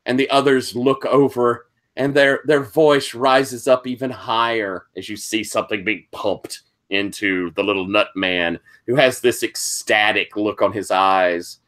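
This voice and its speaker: A man running a tabletop game as game master, slowly describing scenes with frequent pauses and restarts. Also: fairly low pitch, steady tone, a bit bright.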